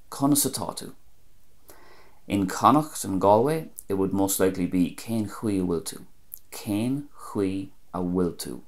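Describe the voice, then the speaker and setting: A man giving a spoken language lesson, measured and careful, repeating each example word slowly. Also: low-pitched, darkish tone. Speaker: language teacher.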